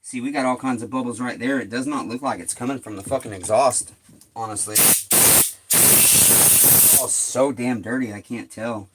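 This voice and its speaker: A man's voice: medium pitch, moderate pace, pauses often, background noise. Exasperated swearing man in a workshop. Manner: talks to viewers while working. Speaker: chainsaw repair streamer. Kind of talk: live workshop commentary. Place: home workshop shed.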